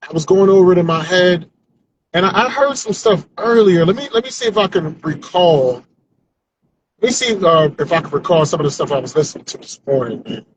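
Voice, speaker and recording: Brisk and high-pitched with lively intonation, this man is a comedian testing new stand-up bits while commuting by car. He rambles to himself without notes, often closing a line with "man," in a stream-of-consciousness practice session. Background noise is heavy.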